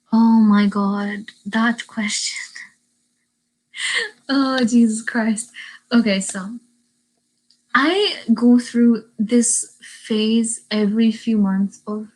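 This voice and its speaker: A woman's voice: on the high side, rough recording. Bubbly teen girl with a Derry lilt. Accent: Northern Irish (Derry) with a hint of Indian. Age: teens. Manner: chatty and bubbly, many "like" fillers. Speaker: YouTuber reading live chat. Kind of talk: casual livestream chat. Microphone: webcam mic.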